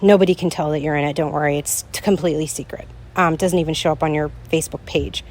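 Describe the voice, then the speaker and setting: A middle-aged woman speaks straight to her podcast listeners, open and confiding. Her talk is earnest and emotional, and it jumps up when her feelings run high. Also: steady tone, quick pace, darkish tone. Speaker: podcast host. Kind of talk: heartfelt solo podcast monologue.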